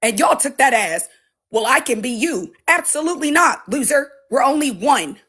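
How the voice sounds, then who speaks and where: Panel speaker, woman, husky rough voice, emphatic lecturing tone. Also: high voice, animated, normal speed, a bit bright. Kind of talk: casual panel opinion.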